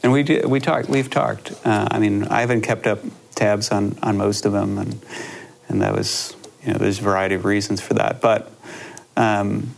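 Gravelly low-voiced man, reflective. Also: steady tone. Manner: reflective, halting, many restarts. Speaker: filmmaker guest. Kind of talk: conversational interview.

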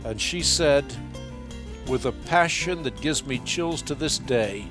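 A man hosting a call-in radio show, teaching in an earnest, measured, devotional way. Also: medium pitch, music in the background.

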